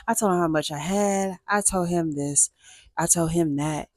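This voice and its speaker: A woman's voice: lowish voice, moderate pace, dry recording. Chatty woman telling a storytime. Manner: animated, chatty, slangy asides to listeners. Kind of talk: casual storytime.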